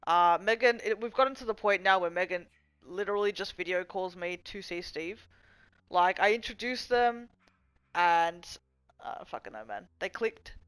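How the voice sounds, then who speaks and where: A woman's voice: medium pitch, normal speed, fairly bright tone, clear, resonant tone, no echo, low-quality recording. A young woman hosting a livestream, rambling casually, swearing freely, goofing around and reading chat messages aloud. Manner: chatty, profane, goofy, reads chat aloud. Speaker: livestream host.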